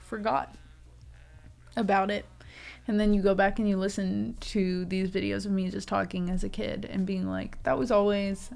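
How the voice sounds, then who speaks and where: A woman's voice: mid-range voice, creaky, a little mellow. A young woman hosting a casual livestream, chatting with viewers in a chatty, emotional way and thanking them often. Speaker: livestream host.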